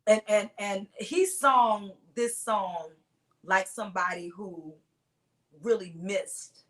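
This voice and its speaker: A woman, a singer-songwriter guest, telling stories in a relaxed interview with frequent restarts. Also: mid-range voice, slow pace, rough recording. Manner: storytelling, warm recollection with frequent restarts. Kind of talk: casual interview chat.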